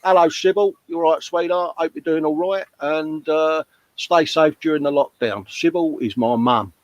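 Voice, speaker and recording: A man's voice: on the high side, normal speed, no echo. A man hosting a live modelling stream, chatting casually and bantering with viewers' comments. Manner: chatty, matey, jokey banter. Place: hobby workshop at a bench.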